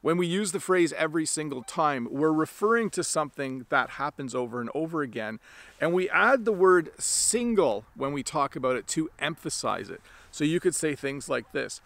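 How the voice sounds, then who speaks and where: A man giving a casual English lesson, explaining phrases with many example sentences in a relaxed, self-deprecating way. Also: a little high, moderate pace. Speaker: English teacher. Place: outdoors.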